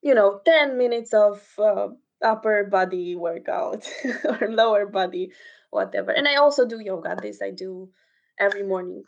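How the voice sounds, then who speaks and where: A woman's voice: mid-range voice, moderate pace, gravelly, lo-fi sound. A young woman chatting casually, friendly and a bit hesitant, with fillers and easy laughter. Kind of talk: casual chat.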